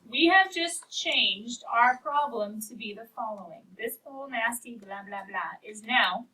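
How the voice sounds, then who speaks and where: A slightly high, bright voice with a forceful tone carries this unhurried precalculus lecture. The teacher is playful and encouraging, speaking of equations like they're people. Faint noise accompanies the distant mic recording.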